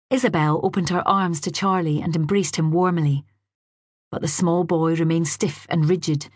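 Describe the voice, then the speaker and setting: A woman narrating a novel in a measured, drily wry storytelling manner, recorded close on a studio mic. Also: deep voice, a little mellow, no echo. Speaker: audiobook narrator. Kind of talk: scripted narration. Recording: dry booth.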